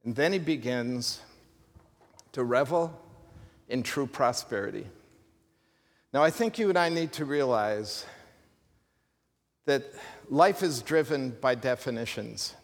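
A man's voice: medium pitch, expressive, slow pace, pauses often, big-room sound. A man preaching a sermon in a church, in a conversational style with humorous asides. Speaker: pastor. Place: church sanctuary.

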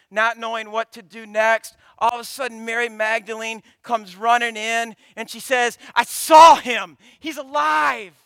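Pastor, male, 30s: unhurried high voice, dry close sound, sermon with dramatic loud and hushed swings. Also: clean tone, no room sound. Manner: swings from loud emphatic preaching to hushed near-whispers.

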